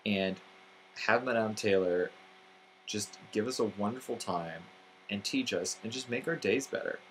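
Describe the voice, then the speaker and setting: Low-voiced man telling a story. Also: a little hiss or hum, poor audio. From Texas, USA. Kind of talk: first-person storytelling.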